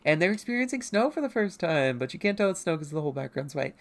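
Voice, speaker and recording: A woman's voice: low-pitched, very animated, fast talker. A woman artist on a livestream, casually narrating her own childhood comic in a self-mocking, giggly, rambling way. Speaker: artist streaming.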